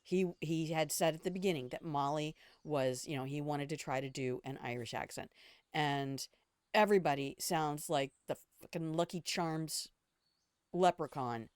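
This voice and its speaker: A woman's voice: sits low, normal speed, clean tone, dry recording. An older woman chatting casually while streaming a game, blunt and opinionated, swearing freely and rambling from one aside to the next. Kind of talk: casual gameplay commentary.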